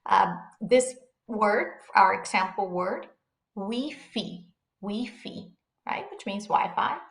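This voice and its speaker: Slow, patient woman teaching pronunciation. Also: mid-range voice, expressive, creaky. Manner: slow, drilled syllables with repeated example words. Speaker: Spanish teacher. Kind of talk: beginner pronunciation lesson. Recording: echoey room.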